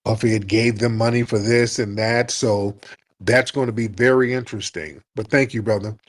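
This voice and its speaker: A man hosting a live audio chat show, laid-back, calling listeners in and answering with quick comebacks. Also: lowish voice, steady tone. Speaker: host.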